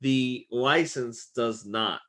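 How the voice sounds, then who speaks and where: A man teaching a casual real estate exam lesson, chatty and full of fillers like "okay", his voice getting worn and hoarse. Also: mid-range voice, takes it slowly, a bit bright. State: losing his voice.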